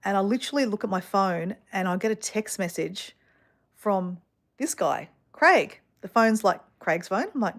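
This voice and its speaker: A woman's voice: medium pitch, animated, normal speed. A middle-aged Australian woman vlogger, chatting casually through a rambling personal story full of fillers and asides.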